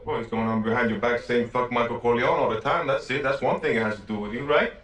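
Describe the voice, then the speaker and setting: An actor playing a brash, hot-headed young mobster who talks tough and pushy, in a film drama. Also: male voice, medium pitch, steady tone, fast, fairly bright tone, natural voice. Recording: roomy film soundtrack with faint score.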